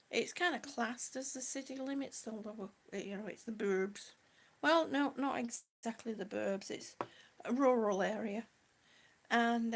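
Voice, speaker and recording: Slow, breathless, chatty middle-aged woman. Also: on the high side. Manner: chatty and affectionate, calls viewers honey and sweetie. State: a little out of breath. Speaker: vlogger chatting with live viewers. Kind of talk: casual live-stream chat.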